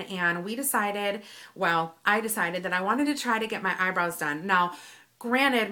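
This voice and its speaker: Bright-voiced chatty woman vlogger. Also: medium pitch. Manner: chatty and candid, with lots of fillers. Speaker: beauty vlogger. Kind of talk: casual vlog talk.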